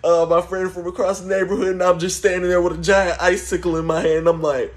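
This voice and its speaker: A man narrating a story-time vlog in a casual, animated way, often calling out to his viewers. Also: high-pitched, brisk. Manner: animated, addresses viewers as guys and y'all. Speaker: storytime vlogger.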